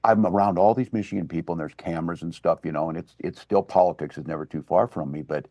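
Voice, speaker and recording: Excitable older man, very low voice. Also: quick pace, no room sound, studio quality. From Minnesota. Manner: excitable, storytelling, laughs easily. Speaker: governor and guest. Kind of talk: casual chat.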